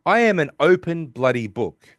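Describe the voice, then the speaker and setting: A middle-aged Australian man co-hosting a podcast in casual, animated, joking chat. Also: on the high side, moderate pace, dry recording, studio quality. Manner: animated, jokey, talks over his co-host. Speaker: podcast co-host.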